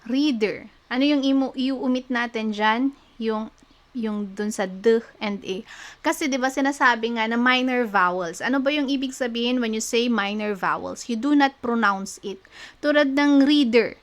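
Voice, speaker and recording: A woman's voice: on the high side, moderate pace. A young woman with a Filipino accent teaching shorthand, patiently spelling out letters and repeating words. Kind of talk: online lesson, mixing Filipino and English.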